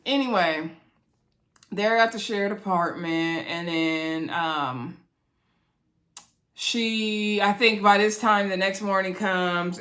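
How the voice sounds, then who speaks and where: A woman's voice: fairly low pitch, fairly bright tone. Chatty woman recapping reality TV. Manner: chatty, laughs often, talks to viewers as y'all. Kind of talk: casual chat to viewers.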